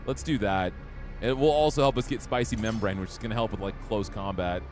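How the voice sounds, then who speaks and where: A man's voice: lowish voice, brisk, darkish tone, soft background music. A young man streaming a game, chatting casually and easygoing with his viewers. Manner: easygoing, chatty, talks to chat. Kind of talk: casual gameplay chat.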